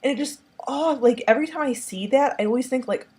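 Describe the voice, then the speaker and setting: Her voice is high, quick, a little mellow and husky. She's reviewing a horror film casually, rambling enthusiastically and leaning heavily on fillers such as "like" and "um."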